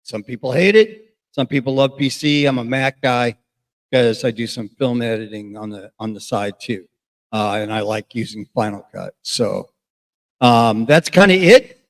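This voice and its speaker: A man's voice: medium pitch, unhurried. A middle-aged man giving a casual, rambling gear review as a radio host, with many fillers and restarts.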